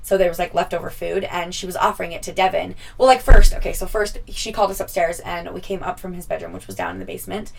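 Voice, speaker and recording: A woman's voice: lowish voice, very animated, fast talker, vocal fry, hardly any pauses, recorded from a distance, poor audio. A young woman telling a casual storytime vlog, chatty, swearing freely and laughing often. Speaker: vlogger.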